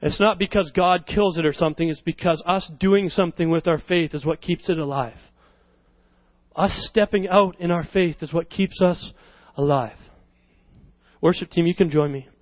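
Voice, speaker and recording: A man preaching a sermon to his church, telling a personal story as an animated storyteller who often laughs at himself. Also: a little high, moderate pace, dry recording. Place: church service. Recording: slightly dull recording with worship music behind.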